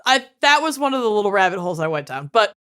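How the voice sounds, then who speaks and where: A woman's voice: mid-range voice, sing-song, quick pace, bright, forceful tone, clean tone, no room sound, clean studio sound. A young woman co-hosting a podcast, casually telling a true crime story and often breaking into giggles. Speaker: podcast co-host.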